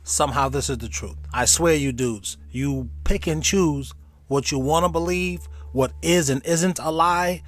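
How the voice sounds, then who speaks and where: Loud, profane, mocking male commentator. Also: a little high, unhurried. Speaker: video editor and host. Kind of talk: casual reaction commentary.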